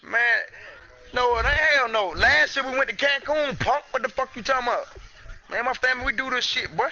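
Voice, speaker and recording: High bright-voiced man trash-talking. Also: fairly quick. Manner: profane, boastful, loud joking. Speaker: streamer. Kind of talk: casual trash talk over game chat. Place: at home. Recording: muffled lo-fi stream audio.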